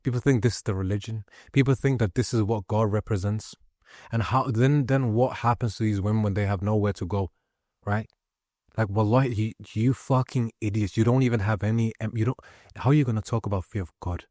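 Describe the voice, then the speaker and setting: Guy ranting on his vlog, low voice, swears constantly, dry close sound. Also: a little fast, no echo. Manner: profane, ranting, forceful. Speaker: vlogger. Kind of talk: heated personal monologue.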